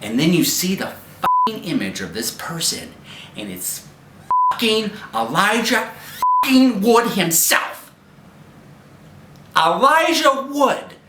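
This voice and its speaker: A man's voice: high-pitched, very animated, takes it slowly. Rambling profane man reviewing a movie. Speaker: movie reviewer, show host. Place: a friend's house at night. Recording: roomy home recording with noise.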